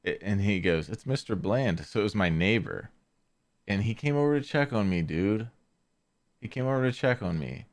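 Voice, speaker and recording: A man's voice: lowish voice, lively intonation, moderate pace. A man hosting a podcast, telling a story in a casual, rambling way with lots of fillers and restarts. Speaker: podcast host.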